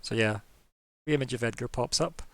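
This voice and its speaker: A man's voice: medium pitch, fairly quick, dry recording. Man narrating a tabletop game. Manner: loose, chatty narration full of fillers. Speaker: game master.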